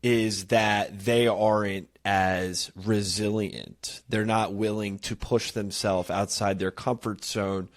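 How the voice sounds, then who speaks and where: Lower-voiced male podcast host. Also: steady tone, takes it slowly, few pauses. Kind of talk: casual interview chat.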